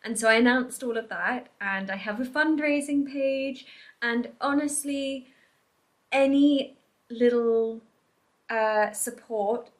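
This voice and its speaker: A woman vlogging in a casual, chatty way, full of "like" and "um", her voice softening and trailing off at the ends of phrases. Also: fairly high pitch, slow. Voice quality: soft-spoken, trails off quietly at phrase ends. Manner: chatty, filler-heavy with frequent "like" and "um". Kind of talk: casual vlog chat to camera. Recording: echoey room.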